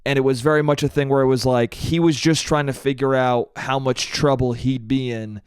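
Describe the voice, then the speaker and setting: A man's voice: mid-range voice, fairly even intonation, normal speed, darkish tone, clear, resonant tone, dry recording, clean studio sound. A man telling a long, rambling comic story on his own podcast, laughing at himself and saying "dude" often. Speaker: podcast host. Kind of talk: solo comedic storytelling.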